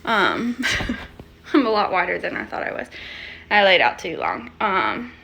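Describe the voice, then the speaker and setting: A woman's voice: mid-range voice, sing-song, measured pace, gravelly, pushed and bright. A young woman from Georgia talking casually to camera at home, chatty, with plenty of fillers and "like.". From Georgia, United States. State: out of breath. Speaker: vlogger. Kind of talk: casual chat.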